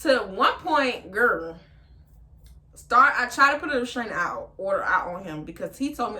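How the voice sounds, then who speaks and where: A young woman vlogger telling a storytime to her viewers, animated and blunt, swearing freely and talking straight to them. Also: medium pitch, moderate pace. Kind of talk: storytime chat to camera.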